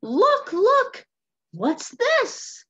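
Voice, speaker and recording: A woman voicing gawking, mocking townsfolk in a storybook with squealing, high exclamations, on a muffled lo-fi recording. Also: wildly swooping pitch, extremely slow, fairly bright tone, heavily acted.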